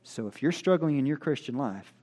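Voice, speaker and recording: A pastor, talking a little fast with lively intonation, preaches from his notes. His delivery is casual and folksy, alternating loud declarations with low, quiet asides.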